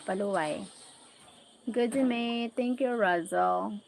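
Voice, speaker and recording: A woman with a Filipino accent chats on a casual livestream, greeting and thanking viewers one by one. Her delivery is slow and relaxed, with a gravelly, creaky texture. A faint hiss sits under the voice. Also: mid-range voice, rough recording. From Philippines. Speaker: livestream host. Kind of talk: casual livestream chat reading comments.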